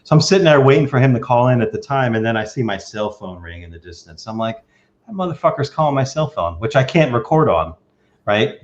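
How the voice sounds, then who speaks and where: A man hosting a podcast, telling stories in a casual, animated way. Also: medium pitch, a little fast, muffled recording. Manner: animated, acts out quoted lines. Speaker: podcast host. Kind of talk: casual storytelling chat.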